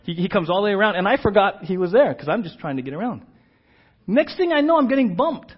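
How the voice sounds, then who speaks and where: A man preaching a sermon, telling a story and then teaching with lively emphasis. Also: high-pitched, a little fast, husky, dull audio. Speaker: pastor.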